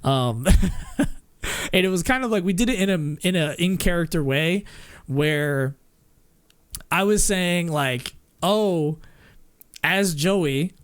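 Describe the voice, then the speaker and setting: A male streamer chatting casually, rambling and cursing, breaking into laughs now and then. His voice is fairly high for a man, and the sound is dry and close. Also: expressive, takes it slowly, long pauses, a bit bright, clean tone, no room sound. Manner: rambling, swearing, often laughing.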